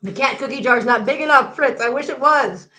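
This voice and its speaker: A woman's voice: high voice, fairly quick, sharp tone, reverberant, low-quality recording. A woman hosting a casual livestream from home, chatting and joking while she talks to her cats. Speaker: host.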